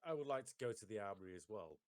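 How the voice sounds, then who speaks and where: A man's voice: fairly low pitch, lively intonation, rapid-fire, no echo, clean studio sound. A man, playing a tabletop role-playing game in a cheeky, laughing manner with heavy swearing. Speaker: player.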